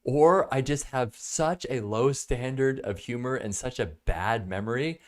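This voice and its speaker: A man's voice: mid-range voice, a little slow. A man hosting a live broadcast as a product reviewer, chatting casually and laughing at his own jokes. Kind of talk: casual live-stream chat.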